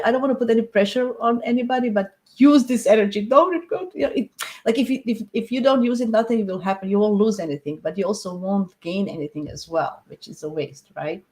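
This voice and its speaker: Woman host, chatty and encouraging, mid-pitched, live-stream astrology chat. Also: darkish tone. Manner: chatty, encouraging, laughs often.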